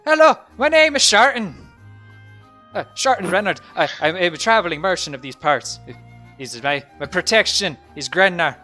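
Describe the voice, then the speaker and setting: Halfling merchant, high and eager, loud and stammering , played by a man DM. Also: normal speed, soft background music. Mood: apologetic. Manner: high-pitched, excitable, stammering. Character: chatty fussy male halfling merchant.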